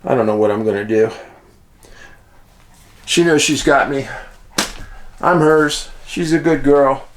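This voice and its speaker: A man's voice: mid-range voice, unhurried, pauses often, a little hiss or hum. A man hosting his show, talking in a folksy, chatty way straight to his viewers. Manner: folksy, chatty, addresses listeners as friends. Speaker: show host. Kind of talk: casual monologue.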